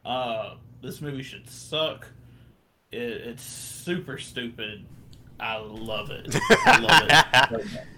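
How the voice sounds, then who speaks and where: A man's voice: medium pitch, slow, sharp tone. A man co-hosting a casual movie-review podcast, joking enthusiastically and laughing through his lines. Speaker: podcast co-host.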